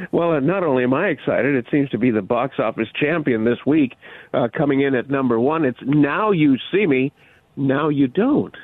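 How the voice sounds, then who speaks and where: A man's voice: mid-range voice, animated, moderate pace, no room sound. A man calling in to a radio show, chatting casually and laughing easily. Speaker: guest caller. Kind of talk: casual chat on air. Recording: husky tinny phone line.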